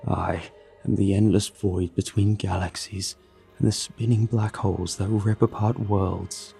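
A man voicing a monstrous male creature who speaks in a slow, menacing Texas drawl. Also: deep voice, level tone, vocal fry, warm tone, slightly rough, faint music behind, exaggerated voice.

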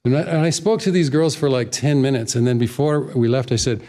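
A man's voice: mid-range voice, brisk, warm tone. A man appearing as a guest in a studio interview, chatting in an easygoing way and telling stories.

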